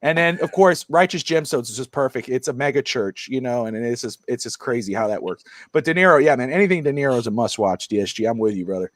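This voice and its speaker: A man co-hosting a laid-back sports talk show who rambles through stories with energy. His voice sits at an ordinary male pitch. The sound is dry and close, with no room echo. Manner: animated storyteller, quick and rambling. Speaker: podcast co-host. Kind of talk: casual sports chat.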